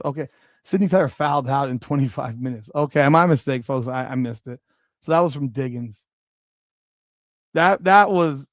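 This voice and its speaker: A man's voice: a little high, a little slow, pauses often, dry recording, muffled recording. A man hosting a live stream, reacting to a game with frequent exclamations and curses, repeating rhetorical questions to his chat. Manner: excitable, exclaims and curses at plays. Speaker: livestream host.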